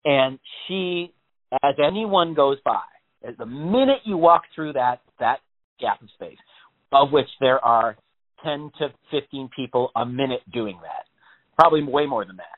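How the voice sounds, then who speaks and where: A man's voice: mid-range voice, lively intonation, measured pace. A man telling a story in casual, rambling chat on a podcast, with lots of swearing. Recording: tinny phone-like sound.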